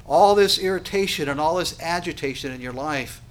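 A man preaching a sermon, emphatic and full of rhetorical questions, swinging from quiet to loud. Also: on the high side, moderate pace. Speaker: pastor.

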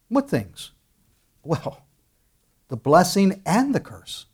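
A man's voice: high-pitched, huge pitch swings, takes it slowly, long pauses, breathy edge. Conversational man preaching a sermon. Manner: conversational, with bursts of emphasis and many restarts. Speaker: pastor.

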